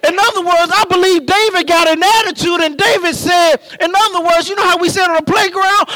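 A man preaching a sermon, building from slow, measured teaching to impassioned shouted emphasis. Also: very high voice, a little hiss or hum, low-quality recording.

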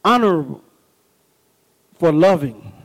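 High-voiced preacher man, animated and emphatic. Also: takes it slowly, rough recording. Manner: folksy storytelling with call-and-response asides. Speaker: pastor. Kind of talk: sermon.

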